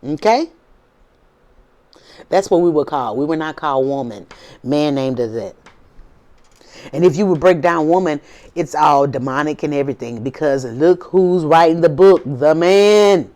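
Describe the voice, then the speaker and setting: Here a spiritual video host uses a deep, darkish voice, animated and moderately paced, with frequent pauses. Speaking to viewers on her own channel, the woman is casual and preachy, drawling informally as she repeats herself and poses rhetorical questions.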